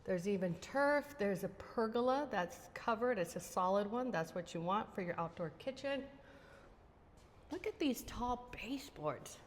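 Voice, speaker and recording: A woman's voice: mid-range voice, lively intonation, a little slow, big-room sound, slight background noise. A woman real estate agent giving a casual walking tour of a house, chatty and enthusiastic as she points out features. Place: outdoors then inside a large house.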